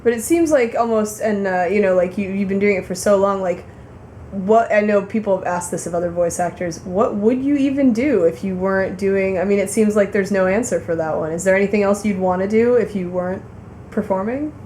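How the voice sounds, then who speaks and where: A woman's voice: medium pitch, a little fast, darkish tone. A woman interviewing a guest at a convention, asking eager questions with short, encouraging replies. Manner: brief encouraging backchannels, enthusiastic questions. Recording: convention room with faint background noise.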